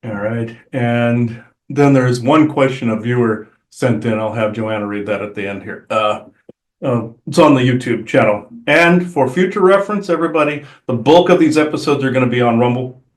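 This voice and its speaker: A man hosting and channeling, talking casually in a halting way with many restarts. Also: mid-range voice. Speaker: channeler and show host. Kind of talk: casual chat. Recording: roomy echo.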